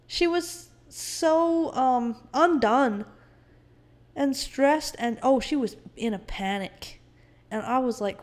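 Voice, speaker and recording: Young woman guest, higher voice, lively chatty storyteller. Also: takes it slowly, gravelly. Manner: animated, swearing, quotes others. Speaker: podcast guest. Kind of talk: casual storytelling.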